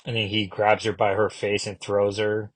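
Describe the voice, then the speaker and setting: A man's voice: fairly low pitch, completely flat delivery, moderate pace, no room sound. A casual man reviewing comics, dry sound. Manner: rambling, with many fillers and self-corrections.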